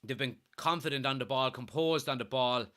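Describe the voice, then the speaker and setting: A young man hosting a live fan watchalong, giving excitable, partisan commentary and reading out chat. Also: mid-range voice, brisk. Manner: excitable, partisan, swears when thrilled.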